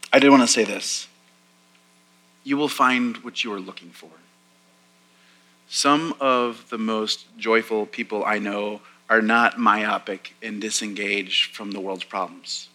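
Bright-voiced chatty preacher man in his forties. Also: fairly low pitch, poor audio. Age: 40s. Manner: self-deprecating, chatty storytelling with fillers. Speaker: pastor. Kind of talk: sermon with personal story. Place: church sanctuary.

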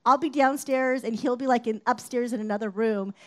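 A woman giving a casual, conversational sermon, sometimes acting out shouted lines. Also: a little high, steady tone, a little fast. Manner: conversational, acts out shouted quotes. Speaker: preacher.

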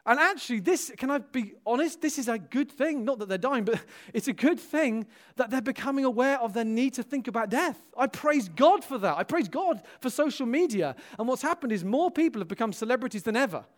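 A man's voice: very high voice, brisk, hardly any pauses. A man, a pastor preaching a sermon to his church, telling stories and acting out dialogue, with frequent cries of hallelujah and amen. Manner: animated, exclaims hallelujah and amen; storytelling, acts out quoted dialogue.

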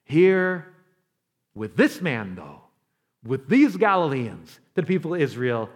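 High-voiced preacher, animated storytelling. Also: male voice. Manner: drops to a quiet, slow voice for emphasis. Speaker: pastor. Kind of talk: sermon.

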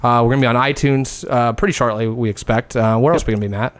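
A man's voice: medium pitch, fast talker. An American man hosting a podcast, chatting casually and joking around. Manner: joking, animated, mocks accents. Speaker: podcast host. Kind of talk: casual chat.

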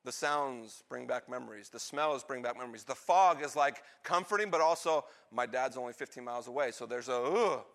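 A man preaching, telling a story and acting out the lines of its characters in an animated way. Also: medium pitch, a little fast, few pauses. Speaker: pastor. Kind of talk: sermon storytelling.

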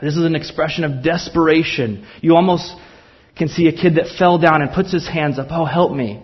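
A man's voice: a little high, fairly even intonation, a little fast, husky, lo-fi sound. A man preaching a sermon in church, earnest and impassioned, with emphatic repetition. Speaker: pastor.

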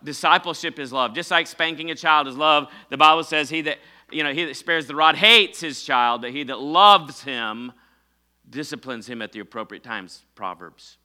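Bright-voiced preaching pastor. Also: male voice, a little high, moderate pace, clean tone. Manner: preaching with call-and-response to the congregation; fillers and self-corrections, conversational. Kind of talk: sermon.

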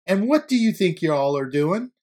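A man voicing a stern but kind female school principal who speaks firmly and with authority, in a raised, higher voice for a storybook reading. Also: sing-song, slightly rough, full character voice. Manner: firm and measured, authoritative.

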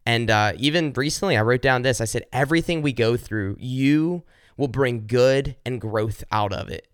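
A man's voice: normal speed, clean tone, no room sound, clean studio sound. A man hosting a faith podcast, talking earnestly with many restarts and repeated words, then praying aloud. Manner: earnest, repeats words, rises high and fervent when pleading. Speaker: podcast host. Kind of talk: heartfelt devotional podcast talk and prayer.

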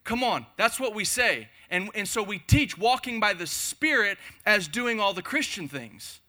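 A man's voice: high voice, expressive, measured pace, pushed and bright. A man preaching a passionate sermon to a congregation, speaking in emphatic, repeated phrases. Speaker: pastor. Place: church hall before a congregation.

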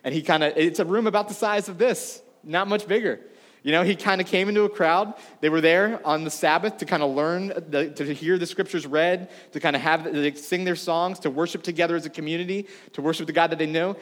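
A man's voice: on the high side, fairly even intonation, a little fast, long reverb tail. A man preaching a sermon to a congregation in a casual, conversational way, full of asides. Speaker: pastor. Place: church room before a congregation.

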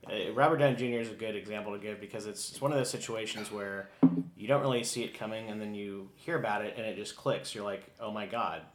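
A man chatting casually on a podcast in a relaxed, wry way. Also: fairly low pitch, fast talker, reverberant, heavy background noise. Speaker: podcast co-host. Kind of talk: casual chat.

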